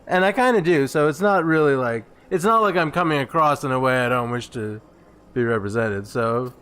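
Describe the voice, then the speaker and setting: A man's voice: medium pitch, a little fast, a bit bright, clean tone. A young man chatting casually with a friend, with a dry delivery that sounds sarcastic. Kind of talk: casual chat.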